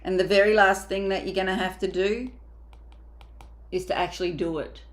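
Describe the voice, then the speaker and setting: A woman's voice: mid-range voice, steady tone, normal speed. Woman mindset coach, casual motivational talk, emphatic, plain mid voice. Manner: emphatic, acts out inner voices, casual asides.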